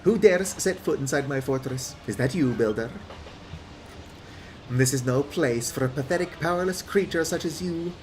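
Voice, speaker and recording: A man's voice: on the high side, moderate pace, a little mellow, soft background music, close to an everyday voice. A man reading the lines of a scornful male villain lord in a haughty, taunting way. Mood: menacing. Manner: haughty, taunting delivery with "mm" and "uh" fillers. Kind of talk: reading game text aloud.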